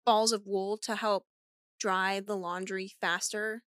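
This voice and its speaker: A woman's voice: mid-range voice, level tone, takes it slowly, a bit bright, clean tone, dry recording, clean studio sound. Chatty, swearing woman podcast co-host. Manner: chatty, swears freely, laughs often. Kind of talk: casual chat.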